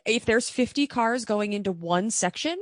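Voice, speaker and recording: A woman's voice: on the high side, animated, moderate pace, no room sound. A woman co-hosting a racing podcast, chatting casually and repeating her points for emphasis. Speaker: podcast co-host. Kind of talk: casual chat.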